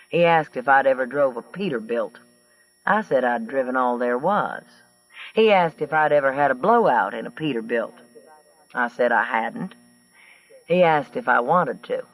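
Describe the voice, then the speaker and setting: A man reading an audiobook, voicing a rough, brawling woman trucker with a twangy drawl who talks blunt and profane. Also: fairly high pitch, fairly bright tone, far from the mic, poor audio. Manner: blunt, profane, matter-of-fact.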